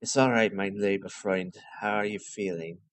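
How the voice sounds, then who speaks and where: A man voicing a calm, caring middle-aged German doctor, putting on a German accent and speaking slowly and low. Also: no room sound, natural voice. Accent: put-on German.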